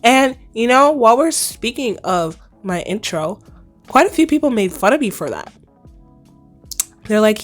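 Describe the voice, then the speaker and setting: A young woman in her twenties hosting her own podcast, casually chatting in a slightly hoarse voice, playful and full of slang. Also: a little high, big pitch swings, unhurried, long pauses, soft background music. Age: 20s. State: hoarse, recovering lost voice. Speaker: podcast host. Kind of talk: casual solo podcast chat.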